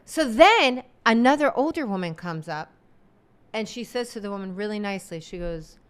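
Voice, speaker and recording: A woman's voice: mid-range voice, brisk, clear, resonant tone. A woman co-hosting a podcast, telling a story in a casual, exasperated way and acting out the people in it. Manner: animated, exasperated, acts out quotes. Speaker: podcast co-host.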